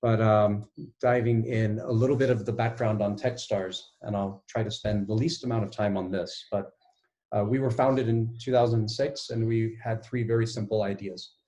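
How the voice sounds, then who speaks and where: Low-voiced man presenting on a video call. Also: normal speed. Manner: relaxed, self-deprecating. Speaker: guest speaker. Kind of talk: online conference presentation.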